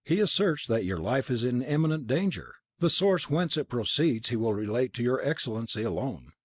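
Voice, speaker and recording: A man voicing a pale, anxious servant who speaks in a hushed, deferential way. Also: medium pitch, big pitch swings, moderate pace, breathy edge, no echo, studio quality.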